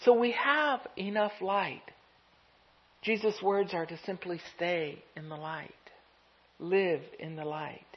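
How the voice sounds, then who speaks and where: An unhurried pastor gives a gentle, reflective sermon, letting each thought settle. The recording is dull and lo-fi, with the top end muffled. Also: medium pitch. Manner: gentle, reflective preaching with soft laughs.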